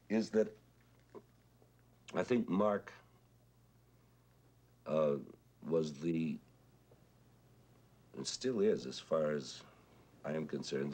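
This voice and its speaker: A man with a husky voice, talking thoughtfully on television about songwriting, pausing with "uh" as he explains. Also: a bass voice, darkish tone, a little hiss or hum. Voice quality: husky "whiskey voice". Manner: thoughtful, pauses with "uh", explains with sung examples. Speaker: composer recalling a friend. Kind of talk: reflective televised talk.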